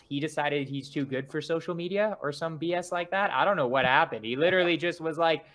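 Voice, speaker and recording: A man's voice: a little high, quick pace, few pauses, a bit bright. A young man hosting a podcast, talking in a loose, rambling way with lots of fillers. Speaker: podcast host. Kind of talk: casual podcast chat.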